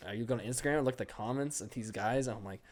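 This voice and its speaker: A man's voice: mid-range voice, racing, a crowd in the background. A young man co-hosting a casual sports podcast, blunt and joking, with slangy banter. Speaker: podcast co-host.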